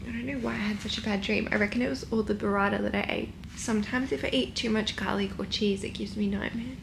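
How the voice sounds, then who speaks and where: A woman's voice: medium pitch, fairly even intonation, quick pace, gravelly, reverberant, noisy background. An Australian woman chatting candidly in a casual travel vlog, swearing now and then, filmed on a handheld camera. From Melbourne, Australia. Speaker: vlogger. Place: hotel room and streets outdoors.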